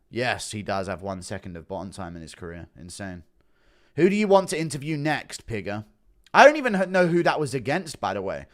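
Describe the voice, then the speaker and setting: A man hosting a livestream, reacting to a podcast clip and reading chat messages in a blunt, rambling, swear-heavy way. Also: mid-range voice.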